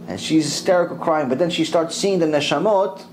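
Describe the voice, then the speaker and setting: Brief middle-aged rabbi, fairly high voice for a man, lively storytelling in a Torah lecture, a faint hiss behind him. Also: brisk, low-quality recording. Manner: animated storytelling, mixing in Hebrew religious terms.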